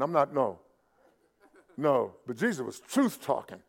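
A man preaching a sermon in a high voice with a gravelly, fried edge. He often stumbles over and repeats words, then builds to loud, emphatic peaks. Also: big pitch swings, moderate pace. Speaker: pastor.

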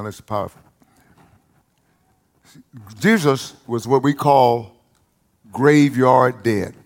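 A man with an East Texas accent preaching a lively sermon, with folksy humor and emphatic repetition. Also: medium pitch.

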